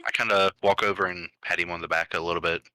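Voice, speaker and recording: A man playing in a tabletop game, speaking slowly and trailing off mid-sentence. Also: low voice, flat delivery, bright, forceful tone, low-quality recording. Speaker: player.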